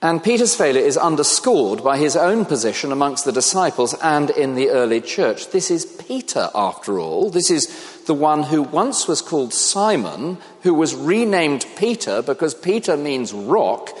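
A man's voice: on the high side, very animated, normal speed. A man preaching a sermon, reflective, asking the congregation questions. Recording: long reverb of a large hall.

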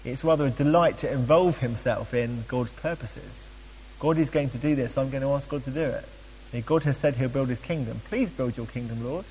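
A man teaching a Bible study, chatty and animated, with frequent ums and playful asides. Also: mid-range voice, fairly quick, big-room sound, slight background noise, low-quality recording.

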